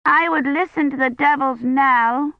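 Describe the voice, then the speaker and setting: A woman's voice: sits high, unhurried, creaky, dry recording, narrow, tinny audio, voice pushed up. A woman voicing Agnes, an insistent small girl, in an audiobook. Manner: insistent, demanding. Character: small eager girl child.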